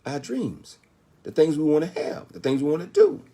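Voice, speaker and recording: Older guy giving a pumped up motivational talk, kinda high voice, keeps asking questions then answering them. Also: very animated, moderate pace, warm tone, husky. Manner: emphatic, asks and answers his own rhetorical questions; repetitive, with frequent "Okay?" checks. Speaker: motivational speaker.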